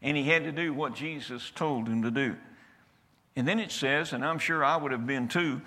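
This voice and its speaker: A man's voice: mid-range voice, normal speed, pushed and bright. An older man preaching a folksy sermon that builds to emphatic declarations in a church. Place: church sanctuary. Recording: reverberant church hall.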